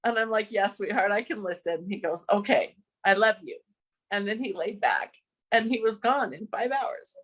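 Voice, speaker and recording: A woman's voice: a little high, a bit bright. A woman telling a personal story of loss in an earnest, emotional way, laughing now and then through her grief. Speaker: podcast guest.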